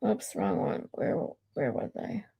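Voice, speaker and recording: A woman hosts a casual live stream, reading text messages aloud to her chat in a mellow voice at a measured pace. She's blunt, swears freely, and often restarts her sentences.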